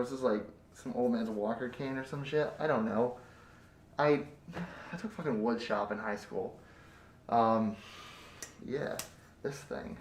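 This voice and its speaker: A man acting as a crude, menacing bandit captor in a 3D audio role-play, swinging between close whispers and loud taunts. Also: medium pitch, roomy sound, slight background noise. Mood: taunting.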